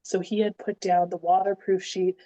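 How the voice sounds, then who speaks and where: A woman's voice: lowish voice, moderate pace, dull audio. A woman on a podcast, telling a story in a chatty way, filling it with "like" and acting out what people said. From Canada. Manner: animated, says "like" a lot, acts out quotes. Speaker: guest. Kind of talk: casual storytelling.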